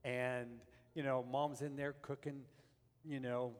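An older man preaching a sermon, telling a family story and then building up to forceful preaching. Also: medium pitch, flat delivery, slow pace, in a large hall. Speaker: pastor.

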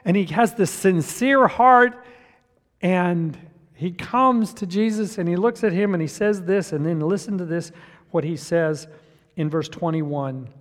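A man preaching a sermon as pastor in a church, swinging from hushed to loud and emphatic. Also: high-pitched, a little slow. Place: church sanctuary. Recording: long reverb of a church hall.

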